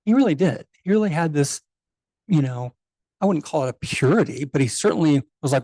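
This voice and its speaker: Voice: medium pitch, lively intonation, brisk, mellow, no echo. A photographer in their sixties giving a memorial tribute, telling rambling anecdotes and quoting others' dialogue. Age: 60s. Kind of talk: memorial speech, anecdotal storytelling. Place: meeting house.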